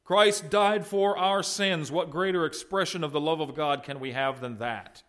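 A middle-aged man preaching a sermon in an earnest style, swinging between loud and soft. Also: normal speed. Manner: earnest preaching with wide swings in loudness and pitch. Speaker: pastor.

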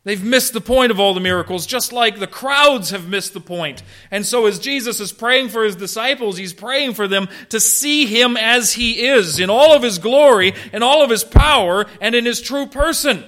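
A man's voice: very high voice, normal speed, few pauses, bright, forceful tone. A man preaching a sermon, emphatic, with rhetorical questions and dry humor. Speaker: pastor.

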